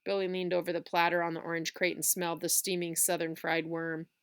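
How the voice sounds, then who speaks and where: A woman's voice: lowish voice, a little fast, smooth. Woman reading a storybook aloud. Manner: expressive storytelling. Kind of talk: reading a chapter book aloud.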